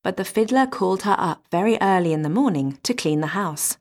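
Woman, fairy tale reading, expressive, lowish voice, lively pitch. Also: a little fast. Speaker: storyteller.

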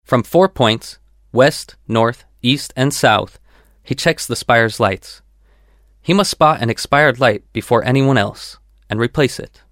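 A man narrating a written story in a measured, descriptive way. His voice sits at a middle pitch, and the recording is dry and close with no room sound. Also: a bit bright, dry recording. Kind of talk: scripted narration.

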